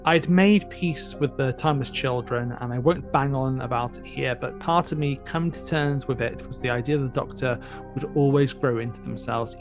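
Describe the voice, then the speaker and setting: A man co-hosting a casual podcast, reading listener emails aloud with enthusiastic, chatty energy. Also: mid-range voice. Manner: enthusiastic, chatty, laughs often.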